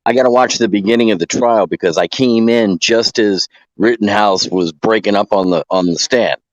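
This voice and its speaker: A man's voice: on the low side, moderate pace, dry recording, low-quality recording. A man calling in to a casual podcast chat, laid-back and joking.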